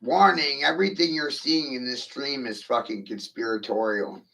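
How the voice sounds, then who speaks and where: A man's voice: mid-range voice, normal speed, vocal fry, pushed and bright. A man ranting on a livestream, profane and provocative, firing rhetorical questions at his viewers. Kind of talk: rambling livestream rant.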